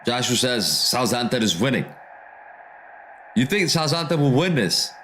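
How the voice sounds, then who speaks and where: Casual streamer over background noise. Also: male voice, mid-range voice, big pitch swings, a little slow, bright, forceful tone. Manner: reads viewer comments aloud and answers them, calls out match action, slangy "bro". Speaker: livestream host reading chat during a football watchalong. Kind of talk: casual live commentary and chat reading.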